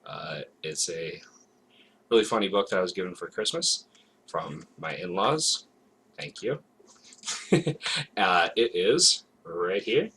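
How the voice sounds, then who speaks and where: A man co-hosts a relaxed home podcast, joking and hedging with lots of fillers. His voice sits a bit low but moves a lot in pitch. A faint hum of room noise sits under him. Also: slow pace, pauses often. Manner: hesitant, full of fillers, playful. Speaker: podcast co-host. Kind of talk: casual chat. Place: home, recorded live.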